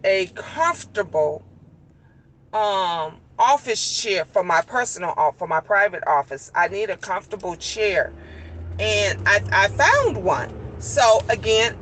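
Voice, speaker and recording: A woman's voice: mid-range voice, a bit bright, slight background noise, rough recording. A middle-aged woman vlogging in casual chat from a car, telling stories in a rambling, emphatic way with many restarts.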